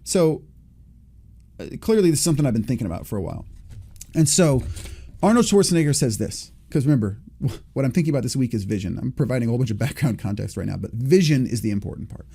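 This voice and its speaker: A man's voice: medium pitch, lively intonation, quick pace, creaky, warm tone, breathy edge. A man in his forties hosting a solo podcast, thinking aloud in a rambling, self-correcting way. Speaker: podcast host. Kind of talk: reflective solo podcast talk.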